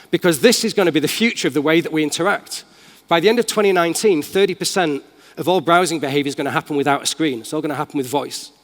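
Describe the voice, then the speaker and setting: Man, Manchester accent, keynote speaker, enthusiastic and casual, slightly high voice, long hall reverb. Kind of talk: live tech demo talk. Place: large conference hall.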